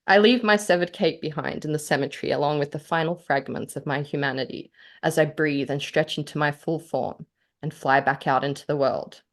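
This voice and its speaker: An Australian woman, a podcast co-host and author, chatting casually and reading her own story aloud with feeling, often laughing. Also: deep voice. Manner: animated, laughs often, gets choked up.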